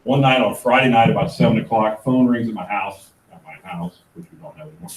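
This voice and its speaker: A middle-aged man giving a motivational talk at a real estate planning event, an animated storyteller who acts out the dialogue. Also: mid-range voice, quick pace, vocal fry, a little hiss or hum. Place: event room. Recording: echoey room, distant mic.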